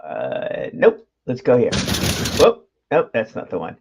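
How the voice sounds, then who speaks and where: A man's voice: medium pitch, wildly swooping pitch, slow, gravelly, background noise. A man hosting a casual livestream, rambling with fillers and laughs. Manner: chatty, laughs often, many fillers and restarts. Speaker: host of a livestream show. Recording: dull lo-fi stream audio.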